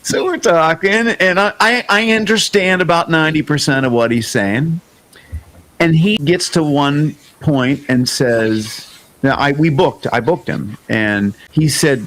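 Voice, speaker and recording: A man hosting a music podcast, telling a story in a casual, lively way and acting out the quoted lines. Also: a little high, unhurried. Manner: animated storyteller, acts out quoted dialogue. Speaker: podcast host and singer.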